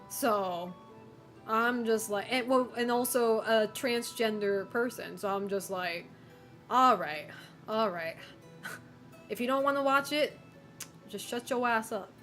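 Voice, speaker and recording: A woman's voice: fairly high pitch, a bit bright. A woman streamer chatting casually with viewers, opinionated, swearing and laughing often.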